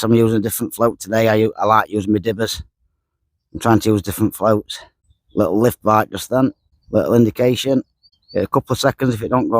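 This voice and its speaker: A man, chatting casually to camera while fishing by a lake, dropping words and repeating himself. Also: mid-range voice. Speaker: fishing vlogger. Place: lakeside outdoors.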